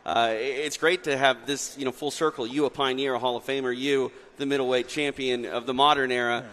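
A man's voice: medium pitch, fairly even intonation, a little fast, a bit bright, in a large hall. A man hosting a live talk show, easygoing and chatty with many fillers. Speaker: host. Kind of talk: casual chat.

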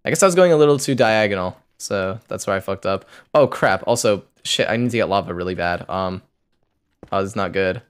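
A man's voice: low voice, brisk, smooth. A young man streaming a game, muttering a loose running commentary to himself as he plays. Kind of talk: live gameplay commentary.

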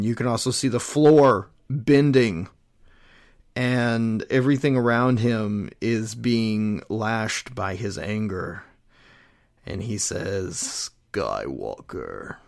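Slow-talking man retelling a comic. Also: lowish voice. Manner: rambling, with many fillers and restarts. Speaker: host retelling a comic storyline. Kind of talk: casual chat.

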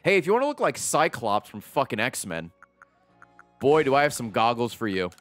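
Animated, swearing male game streamer. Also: medium pitch, moderate pace, dry recording, faint music behind. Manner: loud, swearing, excitable reactions. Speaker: streamer playing a video game. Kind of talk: live gameplay commentary.

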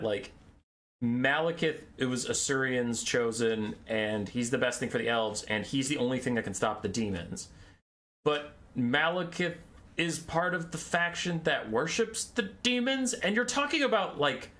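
A man's voice: on the high side, a bit bright. A young man in a casual, exasperated lore rant, sarcastic and swearing often. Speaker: lore video creator.

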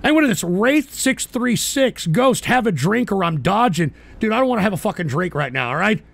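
A man hosting a live stream, yelling and swearing at his audience in an angry political rant on a close mic. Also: high voice, very animated, fairly quick, creaky, dry recording. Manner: shouting, swearing, berating his chat. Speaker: host of a live call-in stream show.

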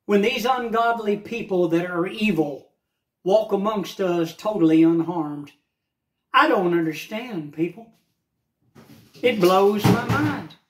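A man's voice: high voice, roomy sound. An older man ranting to camera in a casual vlog, heated, repetitive and plain-spoken. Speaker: vlogger. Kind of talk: casual political rant to camera.

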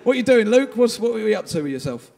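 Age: adult. Sex: man. Pitch: very high for a man. Style: crude, self-mocking stand-up. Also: sing-song, quick pace, vocal fry, darkish tone. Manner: crude, self-deprecating banter. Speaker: stand-up comedian. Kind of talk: stand-up set with crowd work. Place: live comedy venue with audience.

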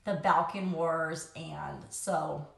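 Young mom vlogger, chatty and rambling, a little low-voiced, filmed on a phone in an echoey room. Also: female voice, steady tone, slow, vocal fry, fairly bright tone. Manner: chatty, rambling, laughs often. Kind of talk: casual chat while doing makeup.

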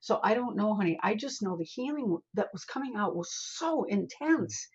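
An older woman, a spiritual healer, telling a story in an interview in an animated way and calling the host honey. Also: mid-range voice, moderate pace, slightly rough, muffled recording.

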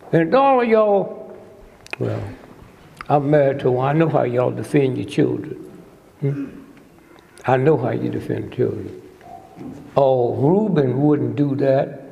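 A man's voice: on the high side, creaky, darkish tone. An older man giving a humorous lecture to a live audience, sly and teasing, constantly prodding the crowd with "hmm?". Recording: long hall reverb.

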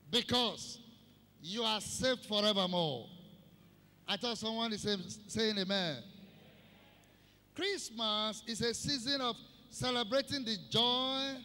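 A man preaching a Christmas sermon, slow and emphatic, repeating key phrases for the congregation. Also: very high-pitched, pushed and bright. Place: church service hall. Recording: long hall reverb.

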